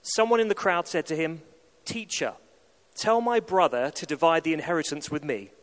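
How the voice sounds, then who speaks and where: A man giving a steady, plain Bible reading aloud to a congregation. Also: on the high side, normal speed. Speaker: scripture reader. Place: church. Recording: long church hall reverb.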